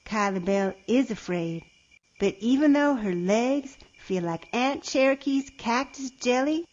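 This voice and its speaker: A woman reading a children's picture book aloud with expressive, playful storytelling. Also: fairly high pitch, a little slow, highs cut off.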